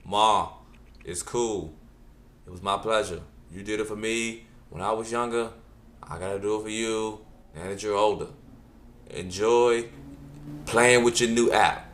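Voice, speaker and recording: Animated male stand-up storyteller. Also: on the low side, normal speed. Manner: animated, punchy, exasperated asides. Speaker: comedian.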